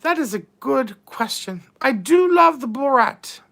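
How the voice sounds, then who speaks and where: A woman's voice: high voice, animated, a little slow, gravelly, fairly bright tone, exaggerated voice. A woman playing a vain, bawdy duchess. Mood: flirtatious. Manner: drawling, calls everyone darling, bawdy innuendo. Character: vain flirtatious mature duchess, grandly affected. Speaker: live-stream host in character. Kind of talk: live chat read-out in character.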